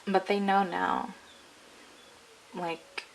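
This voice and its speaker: In a rough recording, a woman whose voice is fairly low and gravelly reads tarot for her viewers at a moderate pace with fairly even intonation. She wanders loosely in a relaxed, conversational way, often saying "like" and "I'm getting."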